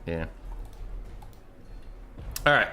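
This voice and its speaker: A man's voice: drawn-out words, sharp tone. A young man giving casual, rambling commentary on a strategy game match, chatting and swearing offhand. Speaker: game caster.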